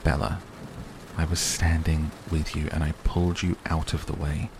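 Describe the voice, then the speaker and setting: A man voicing a calm, secretive teenage boy who speaks softly and pleads, in a storybook reading. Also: a bass voice, normal speed, gravelly, a little hiss or hum. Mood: pleading. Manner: soft, pleading, guarded.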